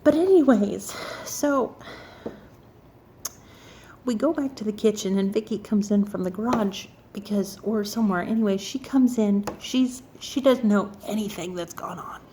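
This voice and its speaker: A woman telling a story casually, acting out other people's lines in an animated and self-mocking way. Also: mid-range voice, a little slow, slight background noise.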